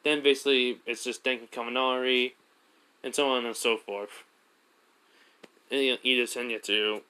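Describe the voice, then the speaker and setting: Brief: casual male storyteller, rambling, filler-heavy, bright tone. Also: medium pitch, steady tone, normal speed, smooth. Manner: rambling, lots of fillers and self-corrections. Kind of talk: casual fan story retelling.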